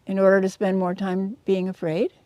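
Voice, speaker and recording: A woman voicing a meditating cartoon donkey sage who answers with calm, flat questions. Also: medium pitch, normal speed, no room sound, close to an everyday voice. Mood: dry.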